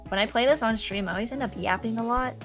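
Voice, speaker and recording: A woman's voice: fairly high pitch, quick pace, faint music behind. A young woman streamer telling a rambling story while she plays a game, acting out what others said. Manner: rambling, animated, quotes others in a raised voice. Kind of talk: casual storytelling chat.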